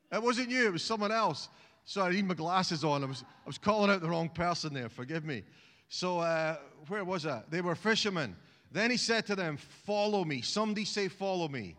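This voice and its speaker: A man's voice: on the high side, a bit bright, big-room sound. A man preaching a sermon in a chatty, humorous way, often restarting phrases and calling on the congregation to repeat words. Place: church.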